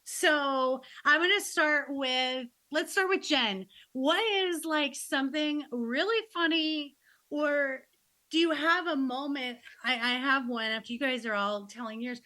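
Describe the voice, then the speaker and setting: Bright, lively grandmother hosting a podcast. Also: high voice, unhurried. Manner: animated, laughing, acts out quotes. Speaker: podcast host. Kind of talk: casual podcast chat.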